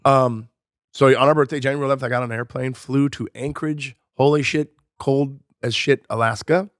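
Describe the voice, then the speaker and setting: A man's voice: medium pitch, fairly even intonation, brisk, no echo, clean studio sound. A man, a comedian co-hosting a podcast, telling a loose, profane story in casual chat.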